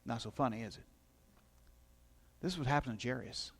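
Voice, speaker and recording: A man's voice: mid-range voice, fairly quick. A middle-aged male pastor preaching a sermon in a conversational storytelling way, with asides to his listeners.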